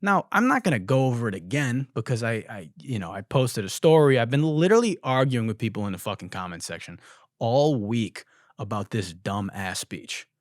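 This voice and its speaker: A young man hosts his own comedy podcast, telling a rambling story full of swearing and voicing both sides of a conversation. His pitch jumps around a lot as he talks. The close mic sounds dry, with no room echo. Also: normal speed. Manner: profane, animated, acts out both sides of a conversation. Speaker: podcast host.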